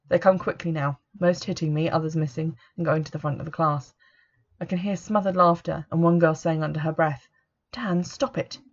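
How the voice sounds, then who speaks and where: Gravelly-voiced woman narrating. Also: deep voice. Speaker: audiobook narrator. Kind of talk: first-person audiobook narration. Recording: dull lo-fi recording.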